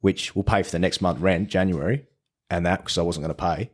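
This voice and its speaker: A man with a fairly low voice talks as a podcast guest in loose, casual storytelling. He is blunt and swears freely. He often breaks off and restarts his sentences as he goes over the details. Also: fairly even intonation, fairly quick.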